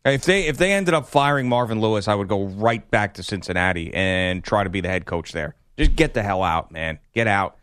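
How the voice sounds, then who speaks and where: A man's voice: lowish voice, expressive, a little fast, hardly any pauses, fairly bright tone, clear, resonant tone, no room sound, clean studio sound. A man hosting a casual sports talk show, bantering about the draft and laughing often.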